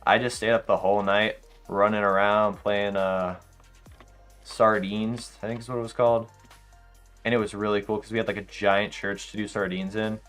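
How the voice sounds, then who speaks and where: A young man streaming a game late at night, chatting casually to his viewers and telling animated, slangy stories. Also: lowish voice. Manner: animated storytelling, slangy, laughs often. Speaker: live streamer. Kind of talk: casual livestream chat while gaming.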